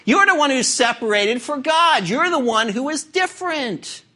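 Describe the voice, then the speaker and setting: A defiant male unclean spirit cries out in a raised, drawn-out voice, hostile and loud, as a preacher acts him out in a sermon. The voice rides higher than plain speech. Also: lively intonation, full character voice.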